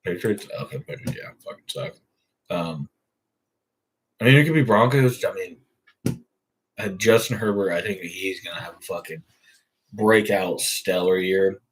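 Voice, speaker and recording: A man's voice: low-pitched, a little slow, long pauses, slight background noise, rough recording. A young man hosting a casual sports talk show, rambling and swearing freely. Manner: profane, rambling. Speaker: host.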